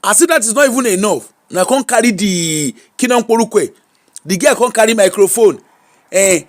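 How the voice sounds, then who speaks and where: A Nigerian woman talks through celebrity gossip as the host of her own show. She is exclamatory and unscripted, throwing in Pidgin and Yoruba asides as she reacts. The delivery is a relaxed, casual commentary. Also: mid-range voice, a little fast.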